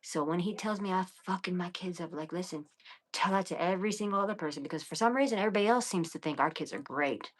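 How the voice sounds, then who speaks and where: Talking fast, this livestream host, a woman in her thirties with a low voice, chats casually with her audience late at night. She's defiant and outspoken, curses freely, and keeps slipping into whispers and mutters between her louder remarks.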